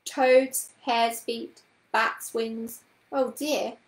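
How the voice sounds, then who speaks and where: A woman voicing Miss Price, a prim middle-aged witch with a brisk, precise, reproving manner, in a read-aloud story. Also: on the high side, steady tone, reverberant, rough recording. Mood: fussy.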